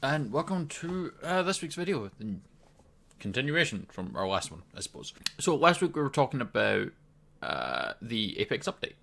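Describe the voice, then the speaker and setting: Bright-voiced Scottish man chatting about games. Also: mid-range voice, big pitch swings, normal speed, creaky. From Scotland. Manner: chatty, loose, frequent ums and restarts. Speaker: gaming video host. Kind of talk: casual game commentary to camera.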